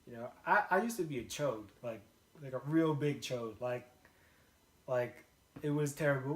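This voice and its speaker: A man's voice: medium pitch, moderate pace, a bit bright. A young man telling a laid-back, slangy story in casual chat, often breaking into laughter. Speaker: guest storyteller. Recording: roomy echo.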